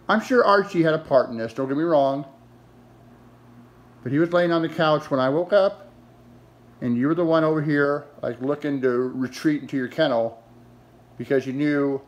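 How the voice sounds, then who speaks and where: A man's voice: on the high side, moderate pace. A man scolding his dog in a mock-stern, exasperated, sarcastic way, talking to it like a person.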